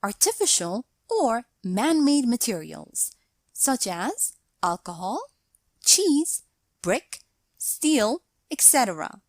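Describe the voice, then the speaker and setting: A woman narrating a scripted English grammar lesson in a measured, explanatory way, reading out example sentences. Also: on the high side, sing-song, dry recording.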